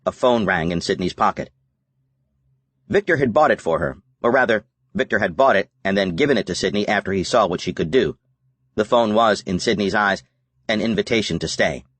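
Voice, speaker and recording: A male narrator reads a novel in a measured, steady manner. His voice sits low. The sound is dry and close to the mic, with no room echo. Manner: measured, even reading. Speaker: audiobook narrator. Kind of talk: scripted narration.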